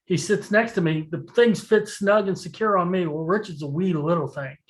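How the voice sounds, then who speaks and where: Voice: medium pitch, moderate pace, poor audio. A podcast co-host chatting casually, telling stories with lots of laughter and swearing. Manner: animated storyteller, profane, laughs while telling. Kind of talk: casual chat.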